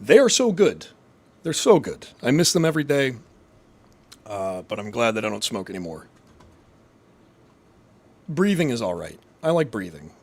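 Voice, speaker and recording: A man's voice: mid-range voice, very animated, normal speed, pauses often, husky. A young man hosting his stream, ranting and rambling with constant swearing as he reads and answers chat. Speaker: streamer host. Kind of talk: casual profane live-stream rant.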